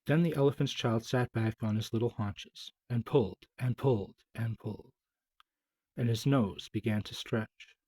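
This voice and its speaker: A man reading a children's story aloud in a measured, gently dramatic way, as a storyteller. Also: mid-range voice, husky, dry recording, rough recording.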